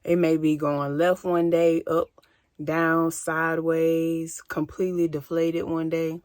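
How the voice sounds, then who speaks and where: A woman's voice: low voice, level tone, slow, darkish tone, no room sound. A woman chatting casually in a vlog from inside her parked van, playful and self-mocking as she rambles. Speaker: vlogger.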